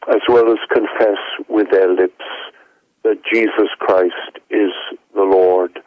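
A man on a radio call-in show, answering questions in an emphatic preaching manner with sweeping rises in pitch. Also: dry recording, highs cut off. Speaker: guest preacher.

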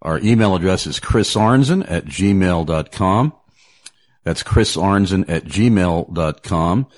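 Deep-voiced male radio talk host. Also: expressive, slow pace. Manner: chatty, repeats words, laughs easily. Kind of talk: casual radio talk show conversation.

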